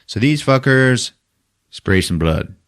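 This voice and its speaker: A man hosting a podcast, retelling a movie plot in a loose, profane, animated way and laughing at his own jokes. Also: mid-range voice, takes it slowly, smooth. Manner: profane, animated retelling with sudden character voices. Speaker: podcast host. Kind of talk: casual movie recap.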